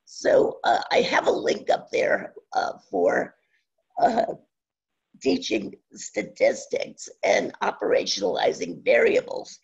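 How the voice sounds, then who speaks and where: A speaker in their sixties with a very scratchy, strained voice that keeps breaking, giving an online teaching presentation in halting phrases full of pauses and fillers. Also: mid-range voice, wildly swooping pitch, gravelly, breathy edge, muffled recording. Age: 60s. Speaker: online instructor. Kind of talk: webinar presentation.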